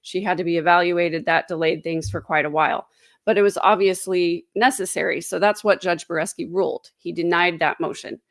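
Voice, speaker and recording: A woman's voice: lowish voice, steady tone, fairly quick, no room sound, studio quality. A woman hosting a casual true crime livestream from home, chatty and sarcastic. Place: home, indoors. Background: dogs.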